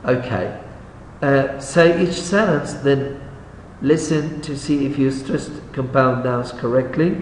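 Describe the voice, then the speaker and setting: A male English teacher whose first language is Arabic talks slowly and patiently as he works through answers with his students. His voice sits well back from the mic in a roomy space with a long reverb tail. A faint hiss runs under it. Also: mid-range voice. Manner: patient, checks answers aloud and repeats words. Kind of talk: recorded online class. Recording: echoey room, voice far from the mic, faint background hiss.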